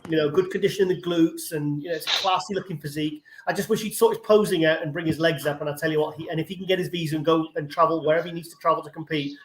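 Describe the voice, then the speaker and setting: Fast, high-voiced man in an echoey room. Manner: animated, chatty, quick to joke. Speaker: co-host of a bodybuilding watch party. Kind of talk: casual live-stream chat. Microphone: remote call setup. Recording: echoey room with faint noise.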